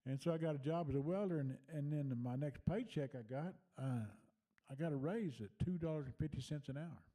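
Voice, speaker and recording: Older guy telling an old story, real dark mellow voice, folksy and rambly, lots of uh's. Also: on the high side, fairly quick. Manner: folksy, rambling, with many fillers and restarts. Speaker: storyteller sharing memories. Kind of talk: casual personal storytelling.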